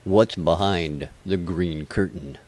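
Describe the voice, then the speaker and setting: A man's voice: deep voice, takes it slowly, darkish tone, no room sound. An American man hosting a live music review webcast, chatty and rambling with a self-deprecating touch. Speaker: show host.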